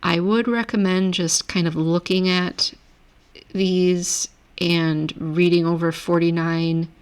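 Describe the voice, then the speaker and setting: A woman teaching a recorded grammar lesson, explaining rules step by step in a relaxed way and correcting herself as she goes. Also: on the low side, clean tone. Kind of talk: recorded lecture over screen.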